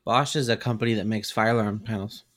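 A man's voice: on the low side, steady tone, quick pace, a bit bright. A man on a casual podcast who throws in dry, teasing one-liners. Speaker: podcast co-host. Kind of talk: casual chat.

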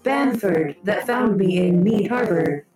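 A woman playing a tabletop game, speaking her character's lines in a formal, measured way. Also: medium pitch, animated, roomy sound, loud music behind the voice, low-quality recording.

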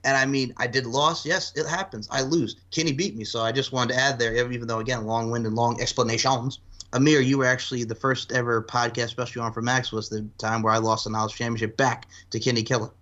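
A man's voice: mid-range voice, fairly even intonation, a little fast, a bit bright, lo-fi sound. A man in his twenties talking casually on a podcast, long-winded and swearing freely. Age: 20s. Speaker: podcast host.

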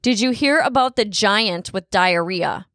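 A playful middle-aged woman chatting and teasing on her family podcast. Her voice has a gravelly, creaky edge, and the close, dry mic has almost no room sound. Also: mid-range voice, animated, measured pace, fairly bright tone, no room sound. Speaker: podcast host, mother. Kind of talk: casual family chat.

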